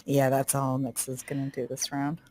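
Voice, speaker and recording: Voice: medium pitch, completely flat delivery, moderate pace, dark tone. A tabletop game player describing a character's moves in hesitant, casual speech and laughing at their own ideas. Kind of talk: casual play-by-play of a character's actions.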